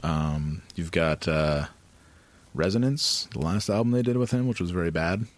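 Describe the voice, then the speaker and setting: A man's voice: sits low, expressive, normal speed, no echo. A man co-hosting a podcast in casual chat, laid-back and eager about music. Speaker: podcast co-host.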